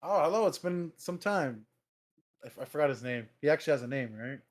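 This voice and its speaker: A man's voice: on the high side, animated, fairly quick. A man playing a tabletop game, talking in a laid-back, rambling way. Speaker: player.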